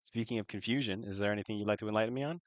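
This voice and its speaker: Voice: medium pitch, very fast, no echo, muffled recording. Giggly player in a tabletop game, dry sound. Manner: laughing often, hesitant with fillers.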